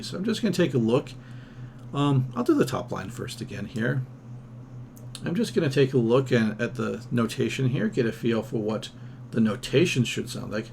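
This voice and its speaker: A man's voice: medium pitch, vocal fry, a little hiss or hum. Man teaching ear training, singing solfège. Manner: thinks aloud, sings solfège and scat syllables to demonstrate; casual, self-deprecating asides. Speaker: music theory teacher. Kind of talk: recorded ear-training lesson.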